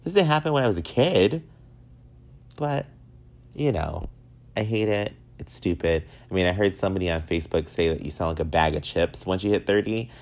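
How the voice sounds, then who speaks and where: A man in his thirties hosting a casual solo podcast, telling stories in an animated, self-mocking way. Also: low voice, normal speed. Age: 30s. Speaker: podcast host.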